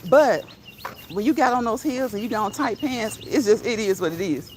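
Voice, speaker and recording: A woman vlogging while out on a walk, telling a story in a casual, animated way, laughing often and reading viewer comments aloud. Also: fairly high pitch, normal speed, slight background noise, low-quality recording. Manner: reads live chat comments aloud. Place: outdoors on a walk.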